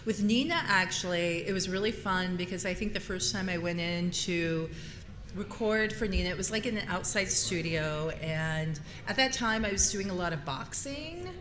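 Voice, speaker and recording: A woman voice actress telling a lively story at a convention panel, laughing often. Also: fairly low pitch, moderate pace, roomy sound.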